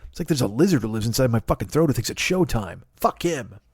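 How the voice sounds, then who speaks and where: A man in his forties, host of a comedy podcast, rambling through a profane, animated monologue with lots of asides. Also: mid-range voice, fast, breathy edge, dry recording, clean studio sound. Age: 40s.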